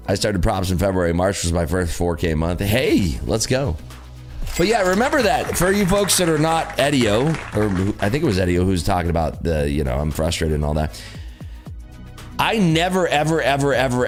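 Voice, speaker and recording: A man with a low voice hosts a day-trading livestream, swearing and laughing as he talks straight to his viewers. His pitch swings widely as he leans into stories, and faint music plays behind him. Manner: blunt, profane, laughing, animated. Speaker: livestream host, day trader. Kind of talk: casual livestream chat.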